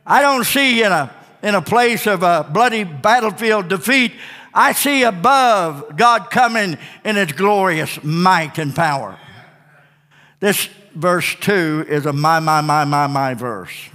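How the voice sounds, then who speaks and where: A man's voice: high voice, expressive, slow, pushed and bright, long reverb tail. A male pastor preaching a Sunday night sermon, emphatic and repetitive, with whooping exclamations.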